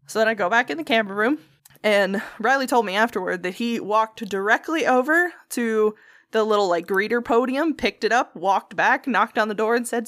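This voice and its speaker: A woman's voice: a little high, normal speed, fairly bright tone. A young woman in casual chat, telling a story with lots of swearing and acted-out quotes.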